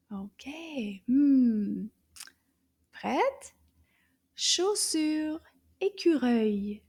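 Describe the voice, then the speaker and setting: A woman teaching children, slowly and gently and often dropping to a soft whisper. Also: on the high side. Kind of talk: slow, clear teaching to kids.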